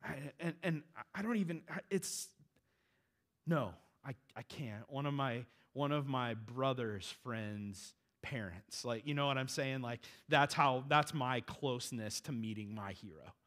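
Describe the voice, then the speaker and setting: A man preaching a sermon in a conversational, animated way, with casual asides to the congregation. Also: mid-range voice, unhurried. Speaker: pastor.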